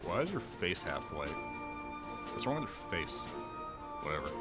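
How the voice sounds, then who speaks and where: A man streaming a game, excitable and profane, reacting loudly and reading dialogue aloud. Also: deep voice, normal speed, over loud music. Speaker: VTuber streamer. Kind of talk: casual gaming stream.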